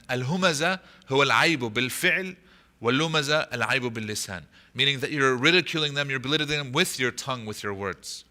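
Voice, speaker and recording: A man's voice: medium pitch, pushed and bright. A man teaching a mosque class on a Quran chapter, explaining patiently, asking the audience questions and reciting short Arabic passages. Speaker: imam teaching Quran commentary. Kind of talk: lecture to an audience.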